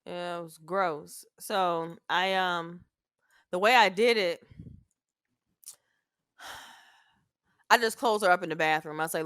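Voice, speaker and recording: Bright-voiced mom telling stories. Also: female voice, on the low side, slow pace, pauses often, clear, resonant tone, no room sound, clean studio sound. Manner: animated storyteller, swearing, acting out her own reactions. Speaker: podcast co-host, mother. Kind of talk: casual family chat.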